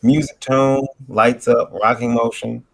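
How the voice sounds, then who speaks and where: A man's voice: mid-range voice, level tone, measured pace, vocal fry, dry recording. A man co-hosting a casual livestream, rambling with many fillers while showing off toys. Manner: rambling, lots of fillers, shows off toys on camera. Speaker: co-host of a crowdfunding livestream.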